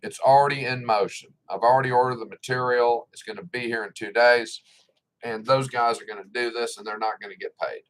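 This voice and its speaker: A man's voice: mid-range voice, steady tone, a little fast, a bit bright, poor audio. A middle-aged man giving a casual opinion monologue, blunt and indignant, with sarcasm and swearing. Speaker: political commentator.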